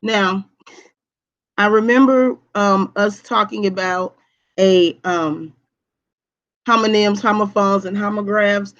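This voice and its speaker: A woman teacher talks to her students over a live online class, stressing points, repeating herself and checking in with "okay?". Her voice comes through a dull, lo-fi stream at a middle pitch. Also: fairly even intonation, takes it slowly, long pauses, fairly bright tone. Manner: repetitive, emphatic, checks in with "okay?".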